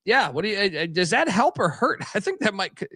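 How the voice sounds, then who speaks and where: High, bright-voiced man rambling casually. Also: very animated, quick pace, dry recording, studio quality. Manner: rambling, profane, lots of fillers and restarts. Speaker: podcast co-host. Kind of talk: casual sports betting chat.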